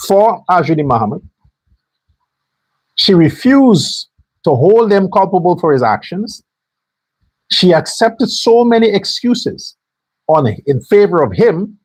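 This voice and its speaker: A man's voice: high-pitched, sing-song, slow pace, long pauses, darkish tone, no room sound, poor audio. A man delivering an angry, profane political commentary rant as a show host. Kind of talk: heated political commentary monologue.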